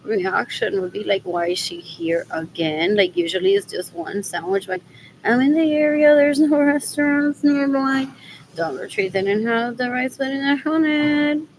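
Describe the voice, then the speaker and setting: Woman vlogging on the go, rambly, switches languages, kinda high voice, faint street hum. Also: expressive, moderate pace, low-quality recording. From Puerto Rico. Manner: rambling, mixes English and Spanish, repeats "what else" over and over. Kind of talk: rambling personal vlog. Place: out and about running errands.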